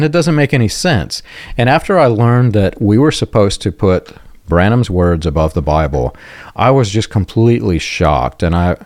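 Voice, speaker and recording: Low-voiced man speaking with earnest conviction. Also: a little mellow, dry recording, studio quality. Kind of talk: conversational interview.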